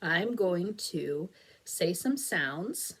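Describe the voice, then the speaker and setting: A woman teacher leads a recorded phonics lesson for young children. Her voice sits low and she speaks unhurriedly. She is patient and encouraging and stretches words out slowly so the class can clap the syllables. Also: animated, fairly bright tone, husky. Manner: slow, stretched-out clapping of syllables.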